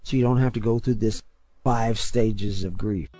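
An older man preaching on his radio show, talking in a rambling, conversational way and building to forceful, emphatic points. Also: fairly low pitch, fairly even intonation, moderate pace.

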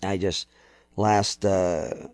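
An older man from Texas, a pastor, telling stories in a rambling, folksy way with many pauses and fillers. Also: deep voice, fairly even intonation, darkish tone, no echo, clean studio sound. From Texas, United States. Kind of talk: relaxed storytelling talk.

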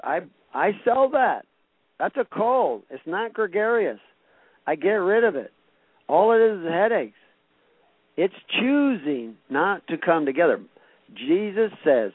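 A man's voice: high voice, dry recording. A man preaching a sermon, shifting from folksy storytelling to emphatic exhortation. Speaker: pastor. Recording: dry, tinny phone-like radio broadcast.

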